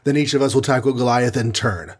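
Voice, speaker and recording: A man with a husky voice voicing a steady male team leader giving calm orders in an audiobook reading. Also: mid-range voice, brisk, close to an everyday voice. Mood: commanding. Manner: calm and commanding. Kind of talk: audiobook character voice.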